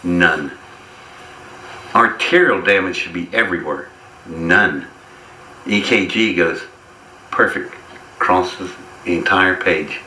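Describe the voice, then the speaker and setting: A man with a low, bright, forceful voice tells his story in a folksy, wry way, breaking into chuckles. He sounds like he is in a roomy, echoey space with a faint hiss behind him. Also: slow pace, long pauses. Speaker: interview guest. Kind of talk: casual storytelling.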